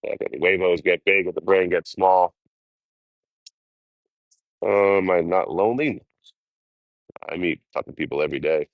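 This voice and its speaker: A man's voice: very deep voice, vocal fry, no room sound, highs cut off. A man chatting casually with his livestream viewers, rambling and swearing as he talks about life on the road. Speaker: livestreaming traveler.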